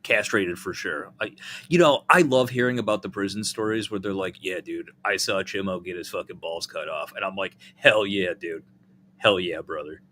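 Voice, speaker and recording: A man's voice: deep voice, fairly quick, slight background noise. A man hosting a casual podcast chat, swearing freely and breaking into laughter. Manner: profane, laughing, animated. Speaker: host.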